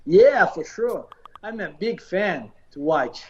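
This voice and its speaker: A man from Brazil with a Brazilian Portuguese accent, answering interview questions in halting, repetitive English. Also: high-pitched, animated, muffled recording. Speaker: professional fighter.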